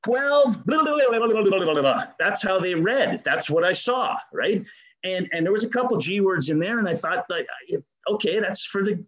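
Animated man telling a recovery story. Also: fairly high pitch, poor audio. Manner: animated storyteller acting out dialogue. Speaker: speaker sharing recovery story. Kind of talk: recovery meeting talk.

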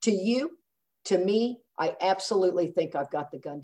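A woman whose voice is on the low side speaks at normal speed while sharing a personal story with a recovery group. Animated throughout, she performs the quoted voices of the people she describes.

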